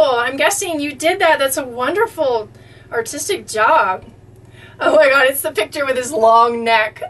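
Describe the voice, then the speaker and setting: Woman, high voice, heard from a step back from the mic; gushing, grateful vlogger reading letters. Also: expressive, unhurried, fairly bright tone, recorded from a distance. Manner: effusive, easily touched, exclaims often. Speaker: vlogger reading fan mail. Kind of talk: casual chat.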